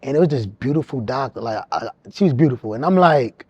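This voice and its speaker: A man around forty, telling his own life story in an animated, streetwise way, often repeating words as he goes. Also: mid-range voice, brisk, breathy edge, dry recording, muffled recording. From New York. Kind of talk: casual storytelling.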